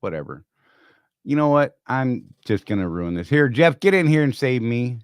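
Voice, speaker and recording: A man's voice: mid-range voice, expressive, normal speed, smooth, no echo, clean studio sound. A man in his fifties hosting a casual live-stream chat, joking and rambling as he mocks himself. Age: 50s. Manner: joking, rambling, self-mocking. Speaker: podcast host.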